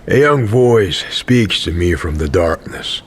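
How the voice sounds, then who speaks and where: Tired cynical pilgrim, very low voice, slow dry narration, audio drama. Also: male voice, expressive, slightly rough, full character voice. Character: weary grown man, a wandering pilgrim, cynical. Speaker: narrator and main character.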